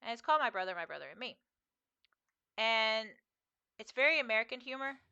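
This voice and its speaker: A woman's voice: a little high, expressive, fairly quick, gravelly, bright, forceful tone, clean tone, highs cut off. A woman streamer chatting casually with her viewers while playing a game, in a rambling, chatty way. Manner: chatty and rambling, talking to chat. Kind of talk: casual chat while gaming.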